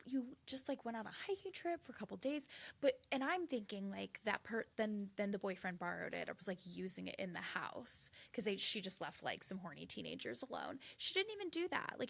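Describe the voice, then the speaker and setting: A woman in her thirties co-hosts a podcast, chatting casually and animatedly acting out the voices she quotes. Her voice sits at medium pitch, creaky and a bit bright.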